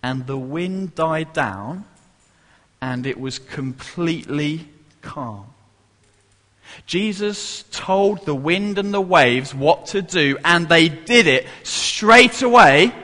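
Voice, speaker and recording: A playful man leads a children's Bible story in church, drawing the congregation in as he goes. His voice sits high and bright and swoops animatedly. The long reverb of a large hall trails behind every line. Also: animated, slow, pauses often. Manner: playful, coaxing the audience to join in. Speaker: church leader giving a children's talk. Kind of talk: interactive children's Bible talk.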